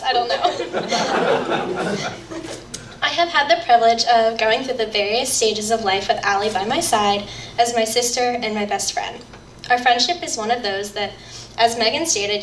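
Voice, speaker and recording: A young woman with a fairly high voice gives a chatty, giggling wedding toast, emotional beneath the jokes. She sounds distant in an echoey reception hall with faint noise behind her. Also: a bit bright. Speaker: bridesmaid giving a toast.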